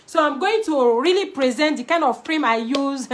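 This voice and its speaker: A woman with a Nigerian Pidgin English accent talks straight to camera in a high voice. She is blunt and animated, slipping between Pidgin and plain English as she talks. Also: moderate pace, a little hiss or hum. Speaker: vlogger giving marriage advice. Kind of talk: casual to-camera talk.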